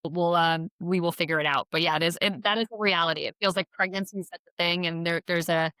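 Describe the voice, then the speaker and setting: A young woman guest on a podcast in casual chat, talking haltingly with many restarts. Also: fairly low pitch, fairly even intonation, pushed and bright, no echo.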